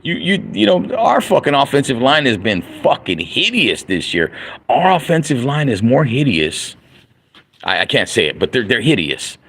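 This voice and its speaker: A man's voice: medium pitch, sing-song, normal speed, gravelly, fairly bright tone, breathy edge. A middle-aged man in a casual late-night livestream, ranting with lots of profanity and repeating himself. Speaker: livestreaming vlogger.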